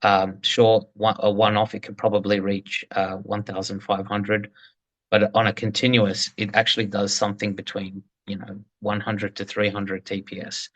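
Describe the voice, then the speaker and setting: A man's voice: on the low side, completely flat delivery, moderate pace, fairly bright tone. A man in casual podcast chat, talking in an indignant and emphatic way.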